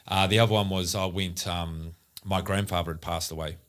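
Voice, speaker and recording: A man's voice: low-pitched, steady tone, brisk, fairly bright tone. A man telling a personal story on a podcast, rambling with many fillers, restarts and the odd swear word. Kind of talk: casual storytelling.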